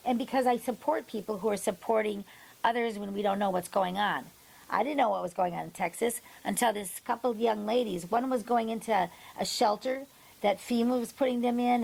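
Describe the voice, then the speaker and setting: A woman hosting a podcast, telling stories in a lively way and acting out the people she quotes. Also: medium pitch, vocal fry, low-quality recording. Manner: animated storytelling, acts out quoted people. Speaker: podcast host. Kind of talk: casual podcast chat.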